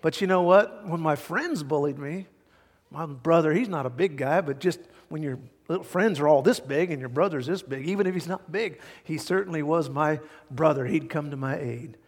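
A middle-aged male pastor preaching a sermon, telling stories with big swings from hushed to loud. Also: on the high side, moderate pace. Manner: animated storytelling, swings from quiet to loud. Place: large church hall. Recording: hall reverb.

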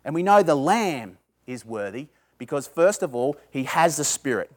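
With a fairly high, sing-song voice at a moderate pace, a pastor preaches to a small group. He keeps it conversational, quizzing his listeners before breaking into emphatic bursts.

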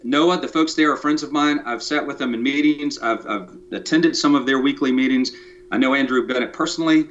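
A tiny house builder appears as a guest on a podcast interview, his mid-range voice fairly quick and a bit bright. He starts off casual and joking, then gets detailed and technical. The recording has a dull lo-fi sound with slight background noise.

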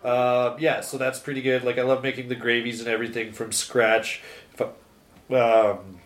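A man's voice: medium pitch, little pitch movement, normal speed. A man in a casual chat, rambling with lots of "like" and restarts as he searches for words. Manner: rambling, many fillers and restarts.

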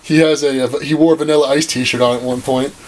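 A man's voice: medium pitch, fairly even intonation, quick pace. A young man hosting a podcast, joking and rambling sarcastically in a casual movie-review chat. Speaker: podcast host.

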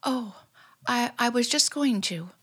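A woman's voice: on the high side, animated, unhurried, fairly bright tone, breathy edge, exaggerated voice. An actress playing a nervous, confused young woman who pleads and stammers, in an old radio play. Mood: frightened. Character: frightened young woman Dory, clinging and confused. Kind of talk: 1940s radio acting.

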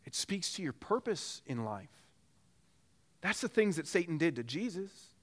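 Picture a man delivering a sermon whose voice sits high and swings widely as he talks. He sounds conversational and lively, climbing up whenever he presses a point home. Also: unhurried. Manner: animated and conversational, with rising emphatic peaks. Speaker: pastor.

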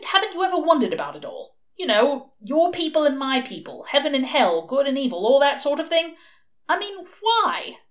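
A woman reader doing a scheming male demon, rambling and excitable, whose voice climbs into questions and swoops about. He sounds wry and restless, in a storybook reading. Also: a little high, normal speed, pitched above the performer's own voice, natural voice. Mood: worked up.

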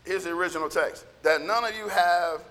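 A man preaching a sermon as pastor, with a scratchy, gravelly voice and impassioned bursts of shouting. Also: high voice, fairly quick. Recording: echoey hall reverb.

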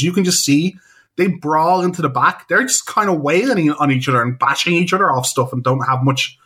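A man's voice: fairly high pitch, a bit bright. Enthusiastic rambling male podcast host. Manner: enthusiastic, rambling fan talk with quick asides. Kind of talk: casual chat.

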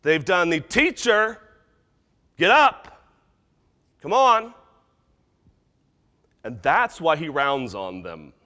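A man preaching a sermon, animated, acting out quoted voices as he goes. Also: on the high side, big-room sound. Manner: animated, acts out voices of disciples and God. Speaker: pastor.

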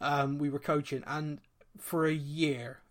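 A man's voice: on the high side, steady tone, a little slow. A man in his thirties with a Bristolian accent, co-hosting a podcast in casual chat, self-mocking and stumbling over repeated words. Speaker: podcast co-host.

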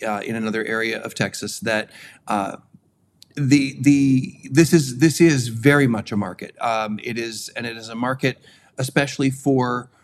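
A man in casual podcast discussion, his voice sitting at an average pitch. He talks in a measured, hesitant way, full of ums and restarts. A faint noise hangs under the recording. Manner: hedging, filler-heavy, measured. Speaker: podcast co-host.

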